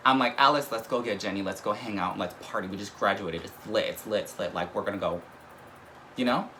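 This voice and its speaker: A young man telling a casual story, animated and profane, often laughing as he goes. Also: fairly low pitch, quick pace, poor audio. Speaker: vlogger. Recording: noticeable background noise.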